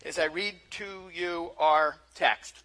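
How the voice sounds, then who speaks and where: A male pastor delivering a sermon in an easy, conversational way, often doubling words as he begins a thought. His voice sits high for a man. The tone is very bright and clear. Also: fairly even intonation, slow pace. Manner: conversational, repeats words as he starts phrases.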